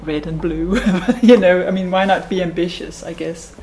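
A woman's voice: on the low side, steady tone, moderate pace, dark tone, low-quality recording. A woman artist answering interview questions, thoughtful and hesitant, restarting her phrases. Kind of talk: casual interview.

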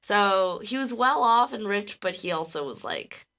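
A woman co-hosting a podcast in casual chat, rambling and quick to laugh, with some casual swearing. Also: medium pitch, very animated, bright, forceful tone. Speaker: podcast co-host.

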